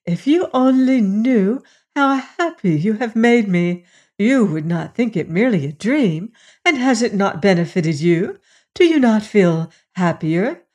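A woman voicing a happy, kind female tree spirit in a storybook, sounding bright and tender. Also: medium pitch, lively intonation, a little slow. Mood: joyful.

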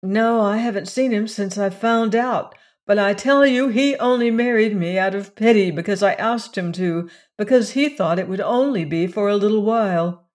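A narrator voicing a blunt, tired young woman who answers her family in a flat, mechanical way. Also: medium pitch, moderate pace, pitched above the performer's own voice, close to an everyday voice. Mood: weary, blunt.

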